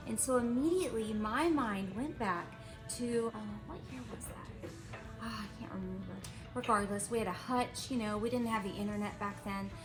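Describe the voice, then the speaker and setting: A middle-aged woman and mother telling a lively story in a casual vlog, repeating herself for effect. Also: mid-range voice, reverberant, low-quality recording. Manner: animated, repetitive storytelling. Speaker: mother and animal vlogger.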